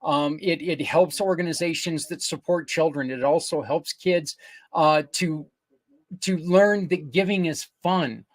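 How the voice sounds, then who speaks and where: Earnest rambling older man, higher voice. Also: measured pace. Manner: earnest, rambling, with self-corrections. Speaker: podcast host. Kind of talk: casual promotional talk.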